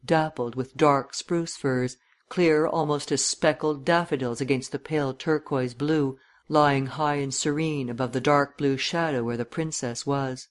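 A man narrating a literary audiobook in a measured, descriptive reading. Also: medium pitch, fairly even intonation.

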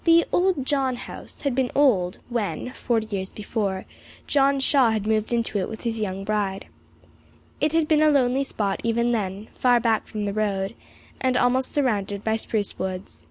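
A woman narrating an audiobook in a steady, expressive reading. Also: on the high side, unhurried.

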